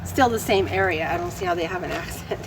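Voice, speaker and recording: A woman's voice: on the low side, fast talker, a little hiss or hum, rough recording. A woman hosting her own vlog, chatting casually outdoors in the shade in a rambling way and often laughing. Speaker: vlog host. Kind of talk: casual chat to camera.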